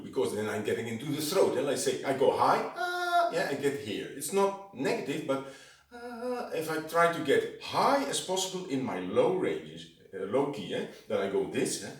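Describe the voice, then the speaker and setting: A vocal instructor whose first language is Dutch gives an informal singing lesson, speaking haltingly and tagging sentences with a questioning "eh?". He repeatedly demonstrates low sung tones, recorded from a distance in a very echoey room.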